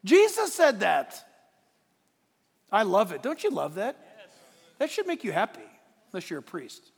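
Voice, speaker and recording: Pastor, male, very high voice, emphatic sermon delivery, quiet asides to shouts, church sanctuary with long reverb. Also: huge pitch swings, measured pace, vocal fry, breathy edge. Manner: emphatic, swings from hushed to shouting, laughs at his own points.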